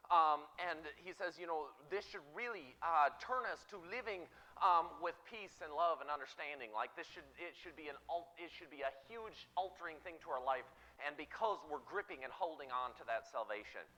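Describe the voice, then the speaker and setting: High, bright male pastor, chatty sermon, long church reverb. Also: normal speed, few pauses. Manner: casual, animated preaching with frequent "right?".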